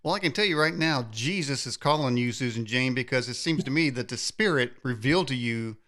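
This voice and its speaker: A man's voice: mid-range voice, expressive, fairly quick, fairly bright tone. A man hosting a faith-based interview show, talking in a rambling, preacher-like way. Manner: rambling, preacher-like, many restarts. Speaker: host. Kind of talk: conversational interview.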